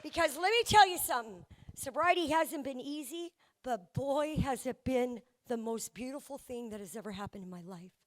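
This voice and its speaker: A young woman speaks to a live recovery meeting, her voice sitting high. She tells her story candidly and with humor, often restarting her sentences as she goes. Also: expressive, normal speed. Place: event venue before a live audience.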